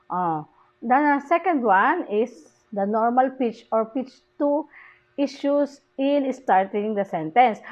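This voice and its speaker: A woman teacher with a Filipino accent giving a lecture, switching languages and reading example sentences aloud with hesitant fillers. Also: mid-range voice. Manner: switches between English and Tagalog, reads example sentences aloud; slow, deliberate delivery with hesitant fillers. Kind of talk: classroom lecture. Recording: dull lo-fi recording.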